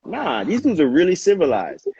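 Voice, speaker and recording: Slangy, animated man telling a story. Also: fairly high pitch, moderate pace, creaky. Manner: slangy, animated storyteller, frequent "yo" and "you know what I mean". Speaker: dancer and podcast co-host. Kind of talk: casual conversation, storytelling. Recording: slightly dull lo-fi audio with faint noise.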